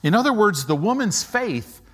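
A man's voice: sing-song, moderate pace, a bit bright. A middle-aged man preaching a sermon, dramatically acting out Bible characters in different voices. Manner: dramatic, acts out Bible characters with swinging pitch. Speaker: pastor.

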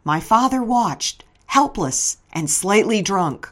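A woman's voice: mid-range voice, animated, slow. Middle-aged lady reading her memoir, wry, voice bounces around a lot. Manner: wry, storytelling. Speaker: narrator. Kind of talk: scripted memoir narration.

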